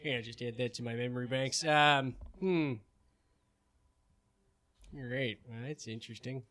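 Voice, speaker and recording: A man's voice: mid-range voice, measured pace, fairly bright tone. Male player at the table: dry, playful in-character joking. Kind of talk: tabletop role-play banter.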